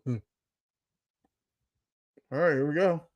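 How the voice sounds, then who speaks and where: A man hosting a casual sports watch-along livestream, talking in a laid-back, halting way with many fillers. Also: a little high, no room sound, highs cut off. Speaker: livestream host.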